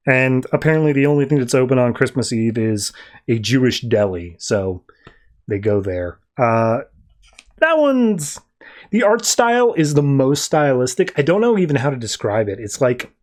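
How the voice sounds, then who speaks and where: A man's voice: mid-range voice, lively intonation, moderate pace. A man hosting a podcast, casually recapping a comic in a loose, rambling way and breezily quoting the characters. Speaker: podcast host.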